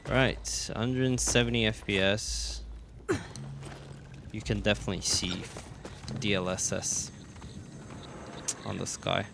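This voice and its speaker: Slow, gravelly man testing a game. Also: fairly low pitch, noisy background. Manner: relaxed, thinking aloud with many fillers. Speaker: gaming channel host. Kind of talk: casual gameplay commentary.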